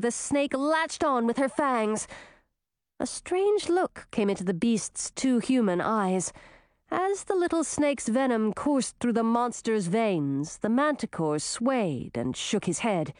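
Expressive woman reading a story aloud. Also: fairly high pitch, a little slow, no room sound, studio quality. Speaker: narrator. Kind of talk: audiobook narration.

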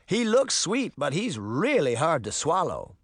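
Brassy joking barmaid, high teasing voice, a man putting it on, lively. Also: unhurried, no room sound, studio quality, exaggerated voice. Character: brash middle-aged woman bartender, joking.

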